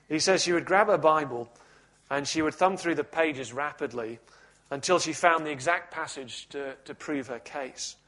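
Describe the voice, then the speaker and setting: A man preaching a sermon in a measured, reflective teaching manner with touches of gentle humor. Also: fairly high pitch.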